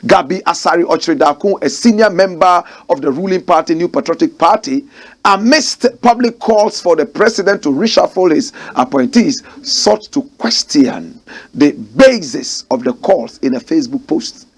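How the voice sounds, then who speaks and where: A man's voice: fairly high pitch, expressive, moderate pace. A Ghanaian man giving fiery political commentary, mocking and firing rhetorical questions.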